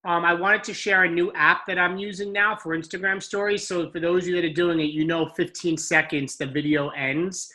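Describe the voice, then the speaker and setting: A man's voice: high voice, fairly even intonation, brisk, few pauses, sharp tone. A man hosting a casual team call as a fitness coach, speaking candidly in long run-on stretches.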